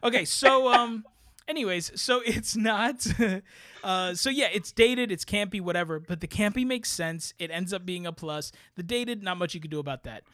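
A man co-hosting a casual movie podcast, giving blunt, animated opinions with slangy asides. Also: high voice, moderate pace. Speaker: podcast co-host. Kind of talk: casual chat.

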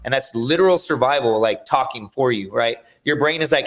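A man guesting on a podcast, telling his fighting stories in an energetic, profane, rambling way. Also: medium pitch, fairly quick, few pauses. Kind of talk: casual storytelling chat.

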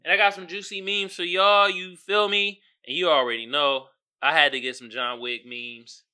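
A man with a high, very bright and sharp yet clear, resonant voice hosts his own podcast, riffing animatedly in slangy street talk at a normal speed. His casual solo commentary rambles and jokes, broken up again and again by laughter.

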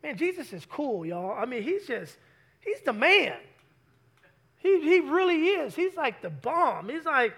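High, bright-voiced preaching man. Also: measured pace. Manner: lively preaching, asks the congregation questions. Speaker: pastor. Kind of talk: sermon.

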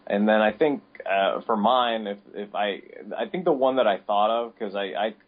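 A man's voice: lowish voice, moderate pace. A man co-hosting a podcast, chatting casually in a rambling way with many restarts. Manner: rambling, full of restarts and fillers. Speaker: podcast co-host. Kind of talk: casual chat. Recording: dull lo-fi audio.

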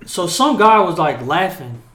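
A young man tells stories in loose, profane podcast chat, with a slightly raised pitch. He gets animated and acts out the yelling of drill instructors. His voice rings in a roomy, echoing space. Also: measured pace. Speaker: podcast co-host. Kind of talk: casual storytelling chat.

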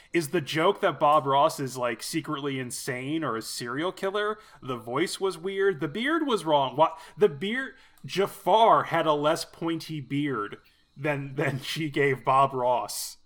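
Male co-host, jokey and quick-witted, slightly high pitch. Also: a bit bright. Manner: joking, quick with pop-culture comparisons. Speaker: podcast co-host. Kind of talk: casual chat.

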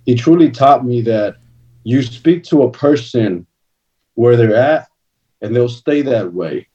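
A man's voice: medium pitch, takes it slowly, warm tone. A man giving a personal testimony as a guest minister, speaking in an earnest, conversational way with casual slang. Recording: distant, dull lo-fi recording.

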